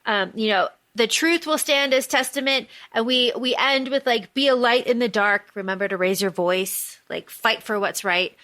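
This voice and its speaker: A woman co-hosting a book podcast, recapping the plot in casual chat, animated and swearing freely. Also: fairly high pitch, normal speed, hardly any pauses. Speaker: podcast co-host.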